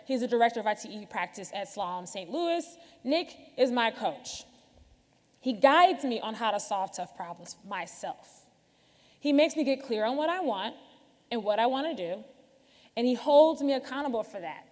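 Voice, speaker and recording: A woman's voice: a little high, lively intonation, moderate pace. A woman giving a conference keynote, talking candidly and chattily straight to the audience. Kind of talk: conversational keynote talk. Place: large conference hall. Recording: reverberant hall.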